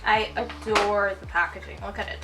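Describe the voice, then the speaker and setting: A woman's voice: mid-range voice, fairly even intonation, moderate pace, music in the background. A woman beauty vlogger chatting casually through a product unboxing, gushing and giggling as she goes.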